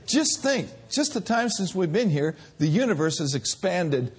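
A middle-aged male preacher delivering an exuberant sermon, shouting praise and then dropping to hushed tones. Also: high voice, sing-song, normal speed, husky.

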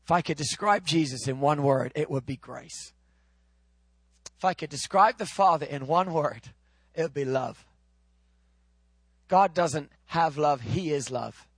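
A male preacher with a high-pitched voice delivers his sermon, rising into loud, ringing proclamations and then dropping to soft, close teaching. The sound is dry and close, with no room around it. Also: a little slow, pauses often, breathy edge, no echo. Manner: swings from loud, high proclaiming to low, quiet, intimate teaching.

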